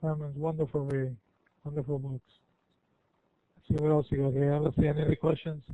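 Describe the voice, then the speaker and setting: Speaking briskly with little pitch movement, an older man with a slightly high voice gives students a folksy, rambling question-and-answer session as a guest speaker, often correcting himself. There's no room sound, and the line is tinny and phone-like.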